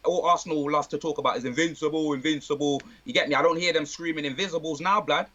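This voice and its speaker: Guy going off about football with loads of street slang, bright forceful voice, dull lo-fi sound. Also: on the high side, fast talker. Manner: London street slang, animated banter. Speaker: guest, football fan. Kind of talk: casual chat.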